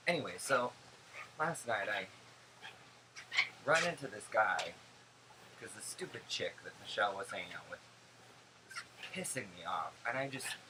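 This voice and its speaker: A young man telling stories in a casual vlog, animated, gossipy and sarcastic. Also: lowish voice, normal speed, long pauses, noisy background. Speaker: vlogger.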